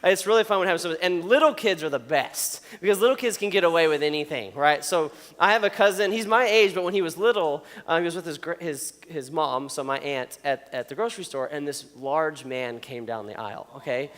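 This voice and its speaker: A man's voice: on the high side, a little fast, hardly any pauses, fairly bright tone. A young man giving a casual youth sermon, telling jokey stories and often checking in with his listeners. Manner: storytelling, joking, often checks in with "okay?". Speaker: youth pastor. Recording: long hall reverb.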